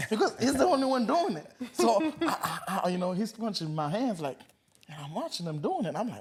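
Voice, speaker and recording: A man hosting a podcast, telling stories in a casual, animated way and swearing freely. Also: sits high, brisk, a little hiss or hum. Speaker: podcast host.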